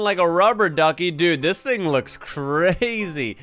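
Hyped young man, smooth voice. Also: a little high, moderate pace, few pauses. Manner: excitable, hype slang, frequent laughter. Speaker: gaming video host. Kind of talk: casual gameplay commentary. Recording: faint background game music.

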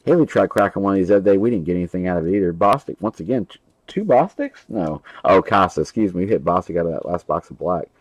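Male host, young adult, lower voice, casual and rambling, reads out card pulls. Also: animated, fast, no echo, low-quality recording. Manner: casual, rambling, calls out names and card numbers. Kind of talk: live stream card break chat.

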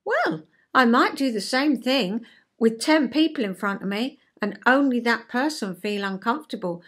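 A woman's voice: a little high, lively intonation, moderate pace, fairly bright tone. An older woman and retired counsellor giving a chatty, homely explanation in her vlog, full of rhetorical questions.

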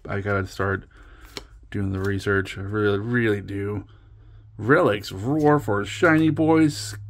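A card-opening channel host with a medium-pitched voice rambles casually while opening packs. He pokes fun at himself and trips over the card names.

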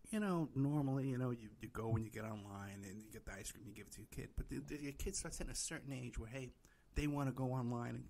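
A man's voice: mid-range voice, creaky, a little mellow. A middle-aged man hosting a podcast, telling a rambling story in casual chat, full of "you know" fillers and acting out quoted voices. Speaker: podcast host.

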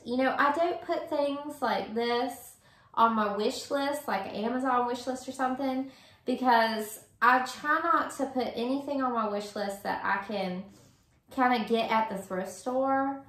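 A woman's voice: high voice, expressive, fairly bright tone. A woman, gushing with delight in a casual vlog. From Virginia, US. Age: 30s. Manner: effusive, gushing, slow and drawn-out. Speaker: vlogger. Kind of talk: casual gift-opening vlog. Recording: roomy echo.

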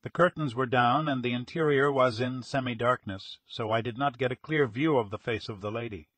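An earnest young jewelry salesman, formal and insistent even while shaken, as an audiobook reader puts him on. His husky voice is slightly breathy and recorded dry and close. He lays out his account carefully. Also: medium pitch, fairly quick, no echo, natural voice. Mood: recounting. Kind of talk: audiobook character reading.

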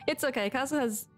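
A woman streamer giving casual, chatty commentary as she plays, talking to herself and giggling often. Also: high voice. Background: game music.

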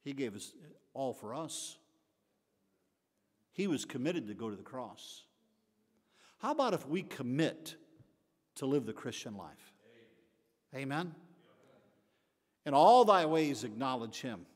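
An older man, the pastor, teaching a Bible study in a folksy preaching style, rising to emphatic bursts and then dropping to quiet asides. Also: medium pitch, very animated, unhurried, long pauses, breathy edge. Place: church sanctuary. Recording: long echoey hall reverb.

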